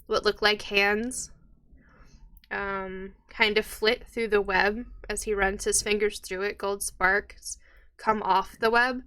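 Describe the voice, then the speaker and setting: A woman narrating as game master of a tabletop game, relaxed, with many fillers and frequent laughs. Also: medium pitch, clear, resonant tone.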